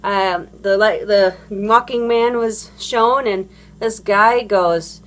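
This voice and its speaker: A woman's voice: mid-range voice, takes it slowly, fairly bright tone. A woman and parent ranting about other drivers in a casual, rambling monologue, blunt and profane, full of fillers and restarts. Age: adult parent. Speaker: vlogger.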